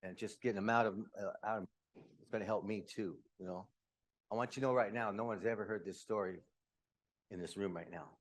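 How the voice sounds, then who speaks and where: Man, 50s, from utah, low-ish voice, candid storytelling, quick asides. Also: fairly even intonation. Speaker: speaker. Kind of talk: personal story talk.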